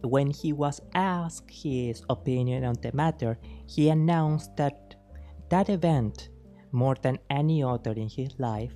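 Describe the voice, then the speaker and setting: A woman streamer chatting casually with her live chat, playful and teasing, thanking viewers over and over and speaking slowly and carefully. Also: extremely low pitch, warm tone. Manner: deliberately slow, careful speech.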